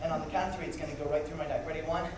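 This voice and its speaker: A man rattles along very fast in a fairly high voice with fairly even intonation, leading a playful, joke-filled magic show for young campers and picking volunteers from the crowd. The echoey hall, distant mic, and loud audience make for a noisy recording.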